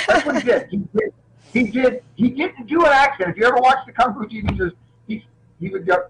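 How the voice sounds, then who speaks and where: A middle-aged man with a high voice and a lively, swooping delivery tells stories as a guest in a casual interview. He is an action film actor who keeps restarting his sentences, his pitch leaping up and down as he goes. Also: normal speed, rough recording. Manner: animated anecdotes, frequent restarts.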